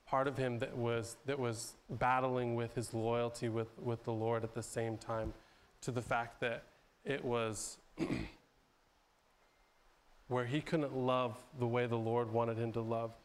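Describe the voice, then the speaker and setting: A man giving a sermon in an easygoing, conversational way, stumbling back over his words and pausing to clear his throat. His voice is smooth and resonant, sitting at an ordinary middle pitch. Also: flat delivery. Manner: loose and conversational, with frequent restarts and repeated words; clears his throat often between phrases. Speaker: pastor. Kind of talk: sermon retelling a Bible story.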